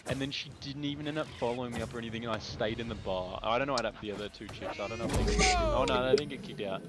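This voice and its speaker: Talking very fast with big swings in pitch, a young Australian streamer tells a long story loaded with slang and swearing while he games. His voice sits in the mid range, and there's a lot of noise behind him.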